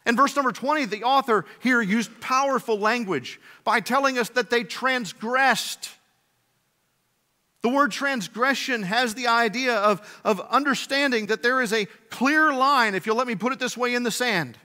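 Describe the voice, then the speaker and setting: Male preacher, high and bright, dramatic sermon delivery full of rhetorical questions. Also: moderate pace, few pauses, long reverb tail. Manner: dramatic preaching, swings between loud emphasis and hushed low delivery. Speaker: pastor. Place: church sanctuary.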